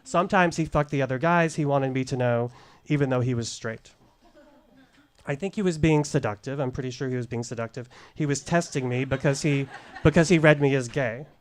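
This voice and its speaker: A middle-aged man telling a candid personal story at a live showcase, deliberate and wry, into a stage microphone. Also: mid-range voice. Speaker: storyteller, former case manager.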